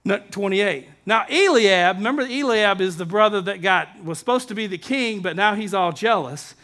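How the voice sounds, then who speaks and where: A man preaching a sermon as pastor, lively and humorous, with asides to the congregation. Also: sits high, moderate pace.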